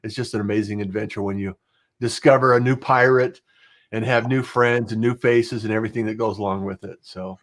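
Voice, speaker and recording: A man's voice: fairly low pitch, fairly even intonation, a little fast. A middle-aged man hosting a podcast, chatting casually and rambling with frequent fillers. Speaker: podcast host. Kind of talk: casual interview chat.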